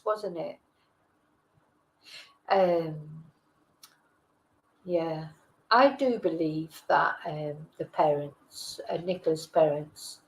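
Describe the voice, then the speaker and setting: In a lowish voice captured on a low-quality recording, a middle-aged English livestream host chats casually and reads out comments from viewers. She rambles and hesitates, using many fillers and frequently correcting herself.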